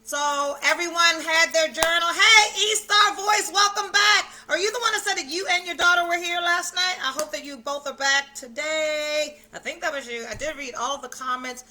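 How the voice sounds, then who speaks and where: High, bright-voiced woman hosting a livestream. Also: moderate pace, hardly any pauses, a little hiss or hum. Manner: effusive, greets viewers by name; chatty, with loose swearing. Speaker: self-care challenge host. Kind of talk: casual livestream chat. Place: at home, indoors.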